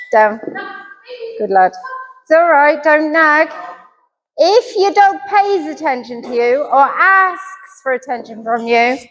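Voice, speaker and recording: A woman's voice: high-pitched, a bit bright. A middle-aged woman, a dog trainer giving a chatty, self-deprecating puppy class. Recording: reverberant hall.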